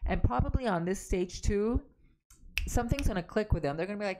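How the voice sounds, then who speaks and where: A woman's voice: medium pitch, expressive, brisk, warm tone, a little hiss or hum. A woman relationship coach giving emphatic, direct advice, repeating her key points. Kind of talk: advice talk to camera.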